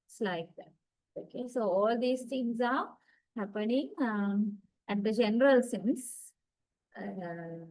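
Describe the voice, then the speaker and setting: A woman's voice: on the high side, poor audio. A woman giving a university lecture, explaining step by step, checking in with "right?" and demonstrating examples aloud. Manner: demonstrates intonation with spoken examples.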